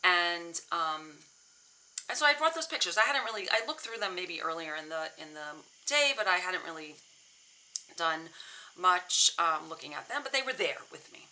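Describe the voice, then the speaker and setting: In a low-quality recording, a middle-aged therapist talks through a personal story, her lowish voice animated, pushed and bright at a normal speed. Candid and earnest with frequent restarts, she becomes emotional at points, close to tears.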